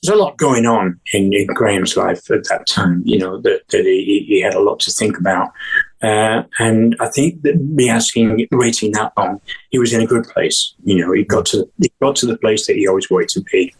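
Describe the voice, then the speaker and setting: An older man from England tells a long story in a rambling, chatty way, stopping and restarting and acting out what people said. His voice sits a little low and has a husky edge. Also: moderate pace, low-quality recording. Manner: rambling, with many restarts and acted-out quotes. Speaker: guest musician. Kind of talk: casual storytelling interview.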